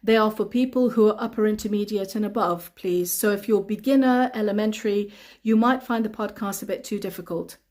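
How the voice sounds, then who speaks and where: A woman's voice: mid-range voice, a little fast, a little mellow. A woman English teacher answering learners' questions on a live stream, reading their comments aloud and explaining things patiently with lots of repetition.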